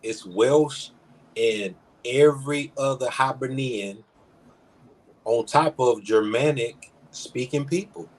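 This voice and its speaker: Male podcast host, husky, unhurried, emphatic, curses freely. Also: mid-range voice, a little mellow, low-quality recording. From South Georgia, United States. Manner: emphatic, explains at length, swears. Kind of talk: casual chat.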